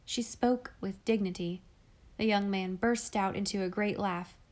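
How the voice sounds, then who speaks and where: A woman reading a classic children's novel aloud in clear, measured storytelling. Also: medium pitch, steady tone, a little mellow. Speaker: audiobook reader.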